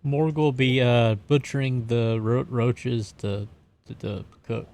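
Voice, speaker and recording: Man, tabletop player, very slow speech, gravelly fry. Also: medium pitch, steady tone, a little mellow. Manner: slow, describing his character's actions. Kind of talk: casual tabletop play.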